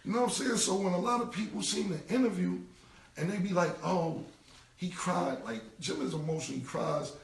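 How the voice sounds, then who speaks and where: Blunt New York man, 40s, slightly high gravelly voice, casual street-talk rant. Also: quick pace, echoey room, recorded from a distance, slight background noise. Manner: blunt, repetitive, streetwise slang with cursing. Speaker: rapper on a live stream. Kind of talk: casual live-stream rant. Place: indoor room, live stream. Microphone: phone mic.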